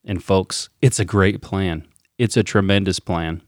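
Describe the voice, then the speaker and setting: Guy doing a bragging politician preaching, low voice, dry sound. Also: fairly even intonation, a little slow, no echo. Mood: boastful. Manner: bragging, repetitive, rally-style cadence. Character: boastful male politician preaching a sermon.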